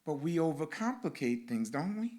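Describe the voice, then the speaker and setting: A male reverend giving a sermon with a guided meditation at a spiritual center, speaking in slow, rhythmic lines with repeated phrases. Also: a little high, very animated, a little mellow.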